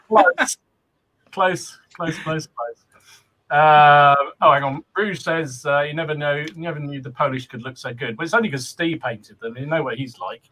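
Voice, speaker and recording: A man's voice: a little high, normal speed, bright, forceful tone. A man hosting a casual livestream podcast, cheerfully greeting viewers and reading out their comments. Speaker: podcast host.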